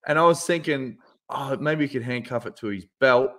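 A man hosting a casual sports podcast. He talks in an easygoing, joking way, at an ordinary middle pitch. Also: normal speed, a bit bright. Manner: laid-back, chatty, jokey. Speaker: podcast host. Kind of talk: casual chat.

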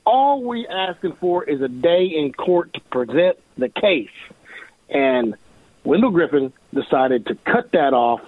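An indignant man, a lawyer guest on a radio show, calls in over a tinny phone line. His voice sits fairly high for a man and sounds a bit husky. It is bone dry, with no room sound around it. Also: very animated, measured pace, dry recording. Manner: indignant, emphatic, repeats himself. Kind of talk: radio call-in interview.

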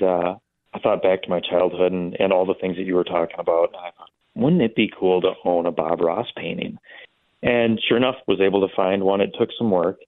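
A man, an art company president, speaking as a guest by phone, relaxed and using many fillers. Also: deep voice, no echo. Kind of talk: phone interview. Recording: tinny phone line.

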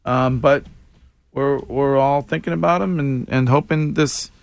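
A man's voice: mid-range voice, vocal fry, dry recording. A man hosting a morning radio show, chatting casually and laughing often with his co-hosts in a radio studio. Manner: laughs often, quick lively back-and-forth.

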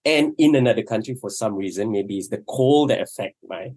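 A man from Malaysia, a native Malay speaker, talking in a halting way as a guest and often repeating words. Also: on the low side, animated, darkish tone. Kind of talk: casual talk.

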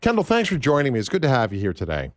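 A man's voice: mid-range voice, wildly swooping pitch, very fast, dry recording, clean studio sound. A man hosting a political talk show, rambling and conversational with lots of fillers.

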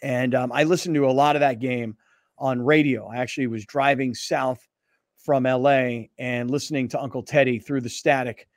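A man's voice: mid-range voice, steady tone, normal speed, dry recording, clean studio sound. A man hosting a sports talk show, joking around in a laid-back, drawling way.

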